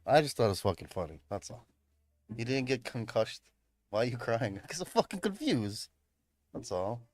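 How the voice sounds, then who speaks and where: A man's voice: mid-range voice, big pitch swings, normal speed, no room sound. A young man from the Chicago area casually telling a story on a livestream, swearing a lot, laughing often and saying "bro" and "man". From Chicago area, USA.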